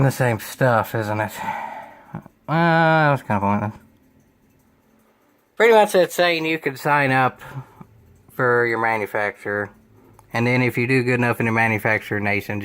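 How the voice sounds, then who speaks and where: A man's voice: mid-range voice, lively intonation, moderate pace, long pauses, fairly bright tone. A young man reading a web page aloud and commenting on it in a sarcastic, exasperated, rambling way. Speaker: gaming video creator.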